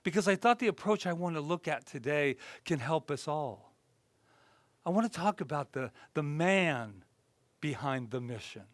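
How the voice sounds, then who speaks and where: A male minister giving a conversational sermon, animated and self-deprecating, then dropping to a soft, reflective tone. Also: a little high, normal speed, dry recording. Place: spiritual center gathering.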